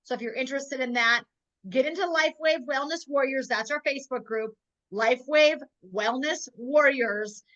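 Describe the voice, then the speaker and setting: A woman with a high, bright, sharp voice gives a fervent motivational pitch, repeating her rallying lines while on the edge of tears. She comes from North Dakota. Her audio has the muffled, lo-fi sound of a video call. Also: moderate pace. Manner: emotional, on the verge of tears. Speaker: host of a sales webinar.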